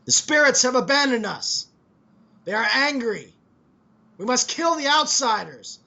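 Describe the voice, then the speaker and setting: A man voicing a zealous village mob leader who shouts shrill fanatical accusations. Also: expressive, a little slow, vocal fry, exaggerated voice, poor audio. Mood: zealous shouting.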